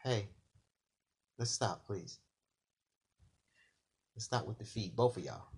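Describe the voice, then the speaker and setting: A man in a casual late-night monologue, an animated storyteller who acts out bits of dialogue. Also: lowish voice, slow, husky.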